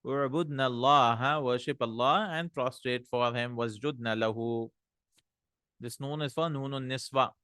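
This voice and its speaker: A man teaching an Arabic grammar lesson, reading example sentences aloud, translating them and explaining the rules in a relaxed way with fillers. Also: mid-range voice, measured pace, clean tone, dry recording, studio quality.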